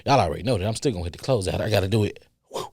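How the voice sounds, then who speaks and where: A man's voice: on the low side, expressive, racing, a little mellow, dry recording, clean studio sound. A man hosting a podcast, telling a story in casual chat that rambles and repeats, with stutters, restarts and free swearing. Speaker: podcast host.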